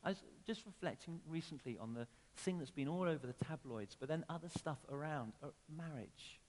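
A man preaching a sermon in a church, talking conversationally with sudden emphatic rises and soft drops. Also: a little high, lively intonation, a little fast. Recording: long reverb of a church hall.

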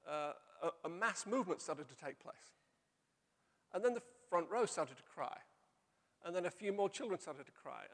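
A middle-aged male pastor preaching a sermon, telling stories and slowing down to stress key phrases. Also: high-pitched, fairly bright tone. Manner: storytelling with slow emphatic pauses. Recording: long hall reverb.

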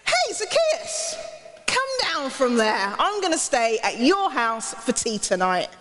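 A woman's voice: high voice, big pitch swings, takes it slowly, fairly bright tone, in a large hall, heavily acted. A woman voicing a kindly man who calls out a friendly invitation. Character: kindly man calling up a tree.

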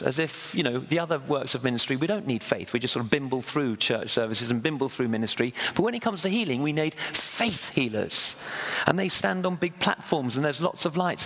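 A man preaching a sermon in a conversational, storytelling way, often pausing and restarting. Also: a little high, gravelly, a bit bright. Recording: long echo of a hall.

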